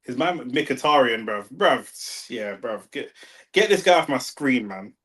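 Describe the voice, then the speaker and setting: A young man with a London accent, talking slangy and excitable over a live football match and arguing with his chat. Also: medium pitch, a little slow. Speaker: watch-along streamer. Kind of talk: live football watch-along commentary.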